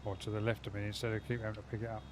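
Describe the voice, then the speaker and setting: A man's voice: fairly low pitch, completely flat delivery, very fast, noisy background. A man chatting casually with his viewers while streaming a game from his home setup, rambling from one thought to the next. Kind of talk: casual live gaming stream chat.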